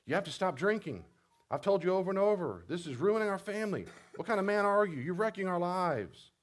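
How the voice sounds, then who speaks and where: A man's voice: lively intonation, fairly quick. A man voicing a nagging, angry wife who scolds her husband for drinking. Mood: exasperated. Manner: shrill, accusing.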